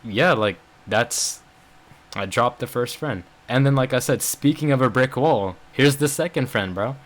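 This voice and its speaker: A man's voice: medium pitch, measured pace. A young adult man telling a story in a casual vlog, rambling with lots of fillers and venting his frustration. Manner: rambling, filler-heavy, frequent "bro" and "like". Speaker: vlogger.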